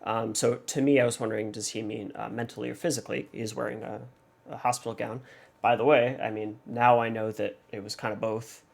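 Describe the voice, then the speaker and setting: A man hosting a reaction video, working through a song in casual analysis. He thinks aloud hesitantly, with many pauses and fillers. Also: medium pitch, little pitch movement, creaky.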